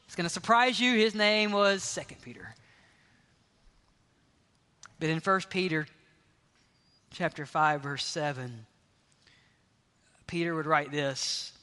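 Male pastor, bright high voice, fervent sermon with whispered drops, reverberant sanctuary. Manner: impassioned, swings from loud to hushed near-whispers. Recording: long reverb of a large hall.

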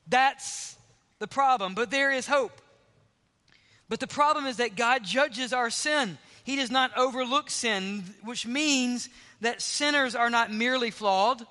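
Man, pastor, sermon, slow deliberate delivery, bright voice. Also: very high voice. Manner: emphatic preaching, dropping to hushed tones for stress. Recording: long hall reverb.

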